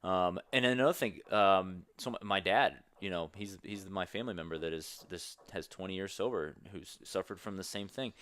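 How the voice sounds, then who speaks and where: A man's voice: low-pitched, normal speed, few pauses, fairly bright tone. A young man talking candidly as a podcast guest, earnest and rambling with many restarts. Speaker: podcast guest, strength coach. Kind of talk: candid conversational interview.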